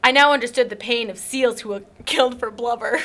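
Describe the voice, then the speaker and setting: A woman's voice: a little high, brisk, a bit bright. A young woman from Canada reading a silly fan story aloud, often breaking into laughter and chatting between lines. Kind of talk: casual dramatic reading with commentary.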